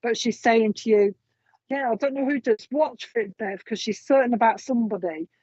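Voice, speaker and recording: A woman medium chats her way through a live reading, meandering and dotted with ums. Her voice sits a little high. The sound is dry and dull, like a lo-fi stream. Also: moderate pace, mellow, breathy edge, dry recording. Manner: chatty, meandering, relays messages with frequent ums. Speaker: psychic medium.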